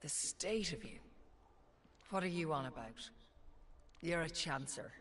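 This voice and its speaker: Moira, an icy Irish geneticist. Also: female voice, deep voice, lively intonation, measured pace, fairly bright tone. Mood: scornful. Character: cold, scornful Irish woman geneticist. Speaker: video game character. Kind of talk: game voice lines.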